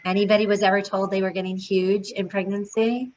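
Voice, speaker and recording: A woman's voice: mid-range voice, level tone, a little fast. A woman leading a prenatal yoga teacher training, talking in a chatty way with many fillers. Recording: dull lo-fi sound with faint noise.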